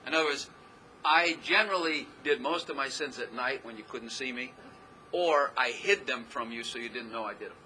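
Bright-voiced folksy male pastor. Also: medium pitch, normal speed, slight background noise, low-quality recording. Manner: folksy, rambling, laughs at himself. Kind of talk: sermon.

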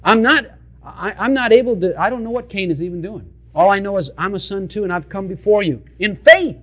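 A humble younger brother who pleads for forgiveness in a halting, hesitant way, as a preacher puts him on. The voice is a man's, fairly high. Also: breathy edge, highs cut off.

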